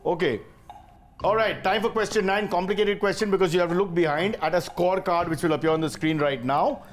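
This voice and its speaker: A man with an Indian English accent hosting a quiz show, playful and teasing with quick asides. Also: sits high. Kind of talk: joking game show hosting.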